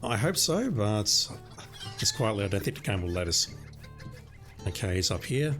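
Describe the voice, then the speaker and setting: A hoarse man streaming a game, making wry, profane asides in casual commentary. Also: on the low side, big pitch swings, normal speed, long pauses, faint music behind. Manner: wry, profane asides between reading quest text.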